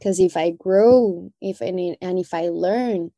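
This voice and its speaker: A woman's voice: on the low side, unhurried, dark tone, dry recording. A woman talking as a podcast guest, reflective and heartfelt, often adding "you know". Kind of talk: reflective conversation.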